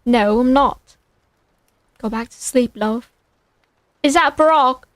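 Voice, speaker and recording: A sleepy but theatrical young man who lectures and scolds his friend, as a woman reads him. The voice sits high and sounds close and dry. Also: takes it slowly, no room sound. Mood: dramatic.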